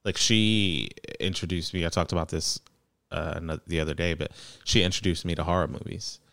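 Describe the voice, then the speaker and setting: A man co-hosting a podcast, talking in a relaxed, conversational way. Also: sits low, a little fast, vocal fry, no echo, clean studio sound. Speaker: podcast co-host. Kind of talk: casual chat.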